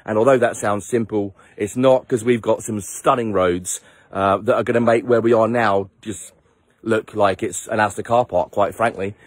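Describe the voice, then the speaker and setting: Man, husky and dry, rambling self-mocking vlog to a phone camera outdoors, tired ride leader. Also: on the low side, fairly even intonation, moderate pace, dry recording. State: tired after little sleep. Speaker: ride leader of a charity motorbike trip. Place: outdoors on a coastal headland. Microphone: handheld phone camera.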